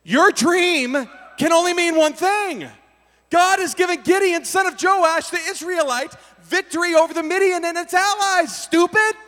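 A man voicing a blunt, sober soldier who loudly scolds his friend in a shouting, scornful manner. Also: very high voice, a little slow, pitched above the performer's own voice, exaggerated voice. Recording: long hall reverb.

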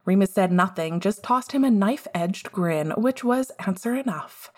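A woman narrating a fan fiction story aloud in an expressive, measured way. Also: mid-range voice. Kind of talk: fan fiction audiobook reading.

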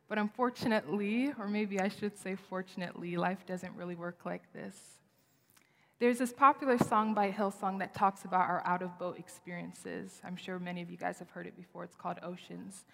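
A young woman delivers a sermon with earnest, expressive conviction, lifting her voice to stress key points. Her mid-range voice rings out with a long reverb trail, as if filling a large sanctuary. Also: medium pitch, moderate pace, creaky. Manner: earnest, expressive, rising for emphasis. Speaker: speaker at a worship service.

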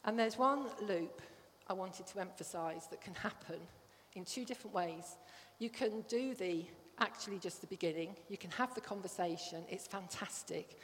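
A woman's voice: mid-range voice, normal speed, hardly any pauses. A woman giving a conversational sermon to a congregation, often checking that they follow. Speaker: church speaker. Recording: long hall reverb.

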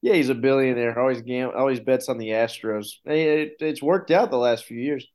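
A man hosting a casual sports podcast, telling game stories with rising excitement. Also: mid-range voice, a little fast. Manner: animated storyteller, rises when excited. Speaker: podcast host.

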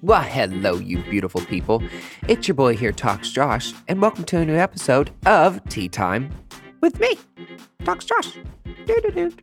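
A man's voice: mid-range voice, very animated, moderate pace, soft background music. A young man hosting a podcast, talking in a sassy, campy way with big swooping emphasis. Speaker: podcast host and aesthetic provider. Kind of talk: casual monologue.

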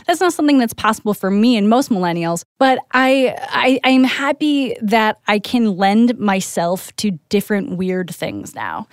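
A woman in her thirties chatting casually as a podcast co-host, animated and full of "like" fillers. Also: medium pitch, normal speed, hardly any pauses, clean tone, dry recording, clean studio sound. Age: 30s. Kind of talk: casual chat.

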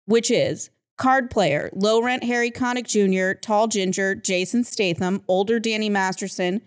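A woman hosting a casual film-review podcast, chatty, with lots of laughter and quick asides. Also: medium pitch. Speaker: podcast host.

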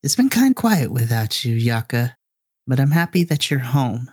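A man voicing an elderly woman, a gentle longtime family servant, who speaks tenderly and with affection in a tabletop role-play. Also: mid-range voice, sing-song, normal speed, husky.

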